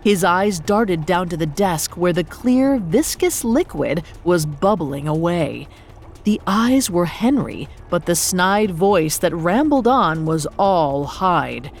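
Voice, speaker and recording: A woman narrating a gothic story in a dramatic, expressive scripted style. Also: fairly low pitch, slow, soft background music.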